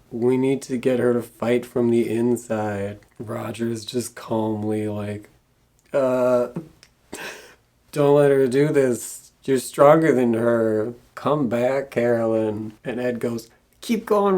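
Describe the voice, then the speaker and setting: A man's voice: mid-range voice, darkish tone. A man recapping a horror film scene by scene in a dry, sarcastic comedic review. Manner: dry, sarcastic plot retelling. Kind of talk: comedic movie recap narration.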